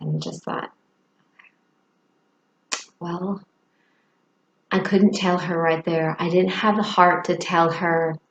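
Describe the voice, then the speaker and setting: Woman, personal vlog, reflective, halting, echoey room, faint hiss. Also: on the low side, expressive, lo-fi sound. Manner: reflective, halting, with hesitant fillers and soft laughs. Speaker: vlogger.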